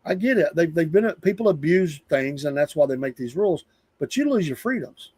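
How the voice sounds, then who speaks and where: A man's voice: fairly high pitch, fairly quick, slightly rough, no room sound. Rambling Southern man venting on a live show. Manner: rambling, animated, repeats himself for emphasis. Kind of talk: casual monologue venting.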